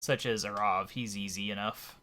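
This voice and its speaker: A man giving casual, thinking-aloud commentary as he plays a game, his voice a little hoarse. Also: lowish voice, moderate pace. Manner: relaxed, thinking aloud while playing. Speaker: let's play commentator.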